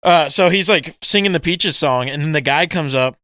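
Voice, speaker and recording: A young man co-hosting a podcast, chatting casually and profanely, retelling scenes with animated energy. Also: on the high side, moderate pace, no echo, studio quality. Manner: animated, profane, acts out movie scenes in funny voices. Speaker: podcast co-host. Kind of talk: casual chat.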